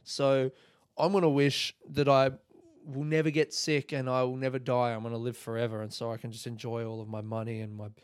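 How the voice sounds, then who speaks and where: A man telling a long rambling joke on a podcast, acting out characters with sudden high yelps and swearing. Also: level tone, a little fast, clean tone, dry recording, clean studio sound. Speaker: comedian podcast host. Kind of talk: rambling comic storytelling.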